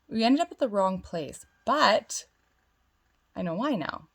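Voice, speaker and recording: A woman's voice: medium pitch, animated, measured pace, gravelly. A woman vlogging as a spiritual guide, telling a long, rambling personal story in casual chat full of "like" fillers, sounding self-assured. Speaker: twin flame spiritual guide.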